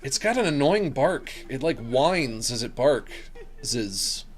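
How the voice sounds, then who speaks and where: A man's voice: mid-range voice, very animated, slow. A young man giving casual, sarcastic commentary while playing a video game, joking around and reading the text aloud.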